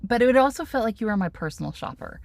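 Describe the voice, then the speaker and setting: A woman's voice: fairly high pitch, animated, rapid-fire, gravelly, darkish tone, no room sound. A woman host with a Texan accent, chatting in an encouraging, reflective way. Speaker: host, interviewer. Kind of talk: casual interview chat.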